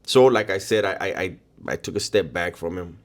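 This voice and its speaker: Blunt, profane man with a lowish voice. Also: normal speed. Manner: blunt and profane, heavy street slang. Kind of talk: casual first-person storytelling.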